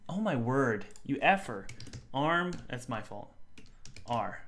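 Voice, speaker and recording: A young man live-streams game development, thinking aloud to himself and chatting with his viewers as he works. His mid-range voice is very animated with a fairly bright tone, and he takes things slowly.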